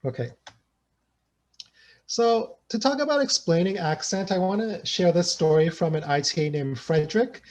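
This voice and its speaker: A man gives an academic talk over a video call. His voice sits a little high, and he keeps checking in with his listeners with "right?" and "you know" as he goes. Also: lively intonation, normal speed, a little mellow, lo-fi sound. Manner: reads interview excerpts aloud. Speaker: academic speaker.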